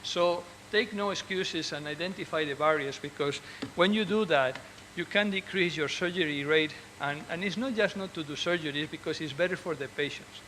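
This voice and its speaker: Surgeon, male, a bit high in pitch, earnest and encouraging, stops and restarts often, faint noise behind. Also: normal speed, hardly any pauses, bright, forceful tone, poor audio. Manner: earnest and encouraging, with frequent restarts and repeated words. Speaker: orthopedic surgeon. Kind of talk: speaking to fellow doctors.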